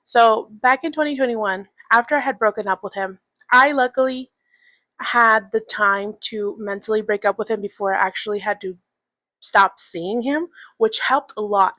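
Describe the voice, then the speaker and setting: A woman's voice: fairly high pitch, normal speed, bright, forceful tone, dry recording. A young woman in her twenties hosting a podcast, talking candidly in a loose, chatty monologue full of swearing and filler words. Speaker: podcast host. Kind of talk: casual personal monologue.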